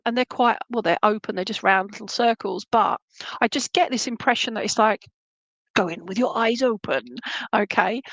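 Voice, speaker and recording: A woman's voice: on the high side, no room sound, poor audio. A woman giving a live psychic reading to one viewer, rambling and affectionate, often stopping to ask whether what she says makes sense. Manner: warm endearments, rambling, frequent "would that make sense?" check-ins.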